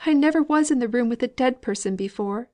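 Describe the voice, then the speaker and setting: A woman voicing an impatient, sharp-tongued young lady of a wealthy household in an audiobook reading. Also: natural voice. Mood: frightened. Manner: insistent, shrill and quick to contradict.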